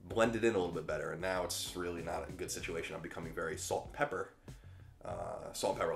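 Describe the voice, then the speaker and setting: An American man in his thirties hosting a solo political commentary video from a spare bedroom, casual and emphatic, slowing down to stress his points. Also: deep voice, gravelly. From United States. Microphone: camera in a small room.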